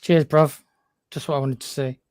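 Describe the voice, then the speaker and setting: A man's voice: fairly high pitch, steady tone, moderate pace, darkish tone. A man chiming in on a football stream with dry, teasing remarks. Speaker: stream participant. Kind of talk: casual banter.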